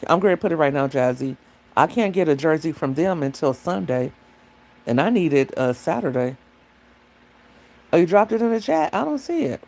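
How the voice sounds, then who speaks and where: A woman's voice: sits low, expressive, moderate pace, pauses often, darkish tone. Rambling woman chatting on a phone livestream. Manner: chatty and rambling, reads the chat aloud. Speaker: livestream host. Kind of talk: casual livestream chat with viewers.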